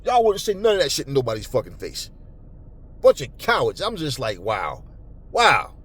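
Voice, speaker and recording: A man hosting a boxing talk channel, ranting angrily and profanely at commenters, stumbling over repeated words when worked up, then cooling into calmer talk. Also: normal speed, husky. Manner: calmer and lower later on. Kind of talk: angry unscripted rant to camera.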